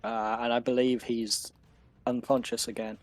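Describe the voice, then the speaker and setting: A man narrating a tabletop game as game master, unhurried and loose, with many fillers. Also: mid-range voice, little pitch movement, no echo.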